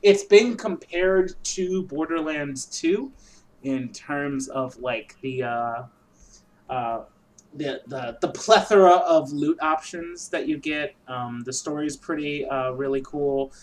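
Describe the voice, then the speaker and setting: A man's voice: a little high, takes it slowly. A man co-hosting a casual podcast, talking in a loose, easygoing, rambling way. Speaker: podcast co-host.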